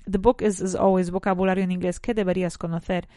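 A woman's voice: on the low side, little pitch movement, rapid-fire, mellow, no room sound, studio quality. Woman teaching English vocabulary. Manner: switches between English and Spanish, self-correcting, chatty asides. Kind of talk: bilingual lesson, teaching English vocabulary to Spanish speakers.

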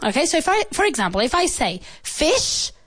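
Woman, high voice, very animated pitch, encouraging kids' English teacher, dry close sound. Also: no room sound. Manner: encouraging, prompting, repeats words slowly, switches to Spanish to explain. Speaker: radio host teaching English to children. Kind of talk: children's English lesson on radio. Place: school.

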